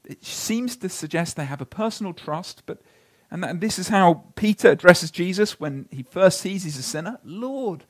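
A pastor preaching a sermon, telling stories earnestly and slowing down to read scripture. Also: male voice, high-pitched.

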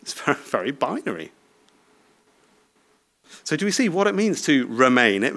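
A man's voice: a little high, sing-song, normal speed, long pauses, a bit bright. A man in his thirties preaching a sermon in a conversational way, often asking the listeners short tag questions and laughing lightly.

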